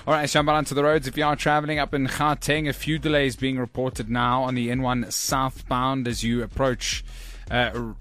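A man giving a radio traffic report in a brisk, businesslike way. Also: mid-range voice, fairly bright tone.

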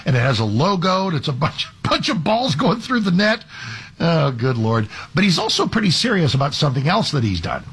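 A man's voice: a little high, sing-song, brisk, a bit bright, breathy edge. Argumentative male talk radio host. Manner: conversational, frequent restarts and fillers, argumentative. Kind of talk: conservative talk radio commentary.

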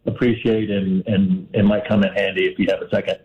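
A man's voice: on the low side, little pitch movement, a little fast. Man calling in over a dull line. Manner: earnest, warm-hearted advice giver. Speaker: radio show caller. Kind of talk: casual phone-in advice.

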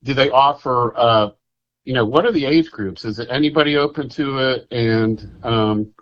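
Guy calling into talk radio, halting and folksy, kinda muffled lo-fi line. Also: mid-range voice. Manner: halting, repeats words, folksy. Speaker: caller. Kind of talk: casual call-in chat.

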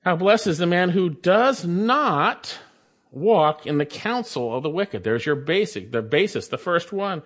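Emphatic preacher man, fairly high voice. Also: animated, measured pace, a bit bright. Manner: emphatic, repeats phrases for stress. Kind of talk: sermon.

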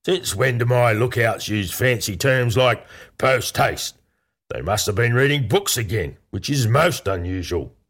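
A man's voice: medium pitch, expressive, a little slow, fairly bright tone, husky, heavily acted. A man voicing Salty Pete, a wry pirate captain.

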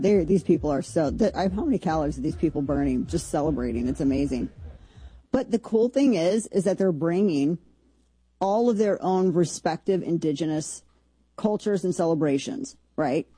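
Woman host, casual political commentary, rambling and sarcastic, husky mellow voice, dry sound. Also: lowish voice, no echo. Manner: chatty, rambling, sarcastic asides.

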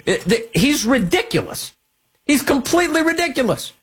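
Mocking, animated male radio host. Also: quick pace, slightly rough. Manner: mocking, animated, jumps into high mimicking squeals. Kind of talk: political talk radio commentary.

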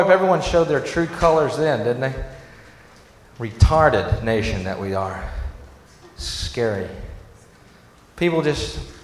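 Ranting comedian in an echoey hall. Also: male voice, on the high side. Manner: ranting, swings into mock shouting. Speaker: stand-up comedian. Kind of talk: stand-up rant. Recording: roomy hall reverb, faint noise.

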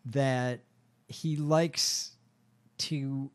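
Slow halting male podcast host. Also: mid-range voice, fairly even intonation, smooth. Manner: reads news stories aloud, halting and slow. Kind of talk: casual chat.

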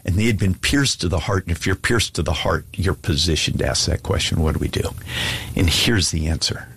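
A man's voice: deep voice, lively intonation, brisk, creaky, a bit bright, slight background noise. A man preaching an earnest, pleading sermon and asking listeners to give their lives to Jesus. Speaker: pastor. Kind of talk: sermon altar call.

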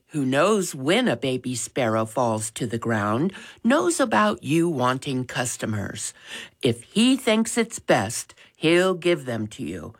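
Woman reading a gentle dad, calm, reassuring, slow, expressive, storybook. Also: a bass voice, slightly rough, full character voice. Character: gentle, wise father.

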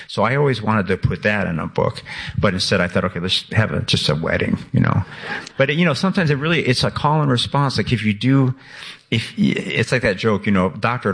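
A man in his sixties, an author speaking as a radio guest, animated and laughing, with many restarts. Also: low voice, vocal fry, husky. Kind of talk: radio interview conversation.

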